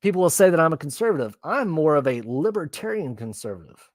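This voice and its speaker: A man's voice: a little high, big pitch swings, quick pace, dry recording. A man ranting bluntly and profanely while reacting to the news in casual commentary. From Texas. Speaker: political commentary host.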